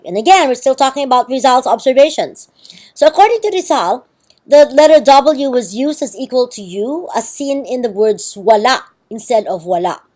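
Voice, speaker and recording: A woman's voice: a little high, darkish tone. Woman lecturing, checking in often. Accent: Filipino. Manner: explanatory, checks understanding with "okay" and "right". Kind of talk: recorded university lecture.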